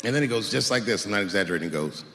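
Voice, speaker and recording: Casting: male stand-up comic, gravelly, profane, lively storyteller, theater reverb. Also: on the low side, very fast, background noise. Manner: profane, animated storytelling with acted-out quotes. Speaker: stand-up comedian. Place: large live theater stage. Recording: reverberant hall with faint room ambience.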